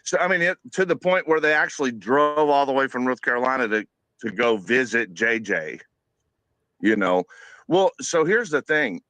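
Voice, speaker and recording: A man's voice: medium pitch, expressive, normal speed, bright, forceful tone, no echo. Meandering man telling his side, dry sound. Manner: loose, meandering explanation with fillers. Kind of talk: casual conversational storytelling.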